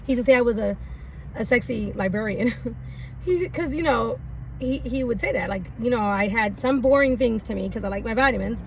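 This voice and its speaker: A woman's voice: a little high, a little fast. A woman telling a personal story in a casual, rambling way, laughing often and using many fillers. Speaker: vlogger. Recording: distant mic, faint background noise.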